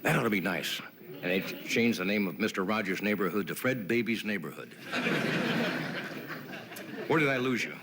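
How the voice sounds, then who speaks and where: A man's voice: on the low side, expressive, normal speed, pauses often, a crowd in the background. A man hosting a late-night talk show, delivering a comedy monologue with wry jokes and chatty asides to his sidekick in a TV studio. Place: TV studio with live audience.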